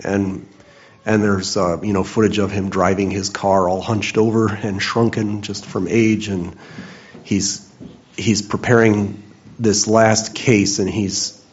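Man, lowish voice, measured reflective church discussion, dull recording. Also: a little mellow. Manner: thoughtful, measured, restarts phrases. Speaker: church group member sharing.

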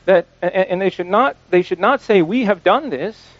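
Halting high-voiced male preacher. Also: expressive, dry recording, highs cut off. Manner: halting, many restarts and repeated words; stresses quoted scripture slowly. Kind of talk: informal sermon.

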